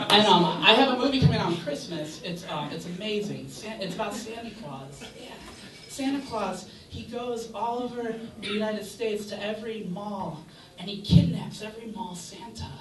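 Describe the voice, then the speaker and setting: A man doing a stand-up comedy set in a bar, with crude, brash shock jokes. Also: high-pitched. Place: bar comedy stage, indoors. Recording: echoey bar, distant mic, loud crowd.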